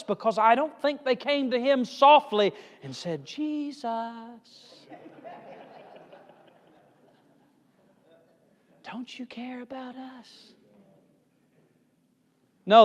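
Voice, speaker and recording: High-pitched preacher man in a reverberant hall. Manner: emphatic preaching, pitch and loudness rising and falling. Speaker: evangelist. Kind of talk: sermon. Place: church hall.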